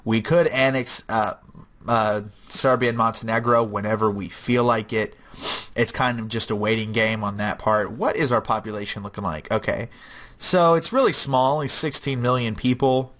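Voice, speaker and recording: A man's voice: medium pitch, moderate pace, a bit bright. A young man giving casual, rambling gameplay commentary, chatty and jokey.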